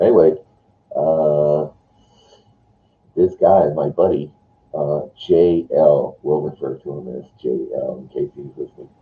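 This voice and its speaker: A man's voice: very deep voice, a little hiss or hum. An older man hosting a morning show, rambling chattily and playfully. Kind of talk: rambling casual monologue. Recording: tinny phone-like sound.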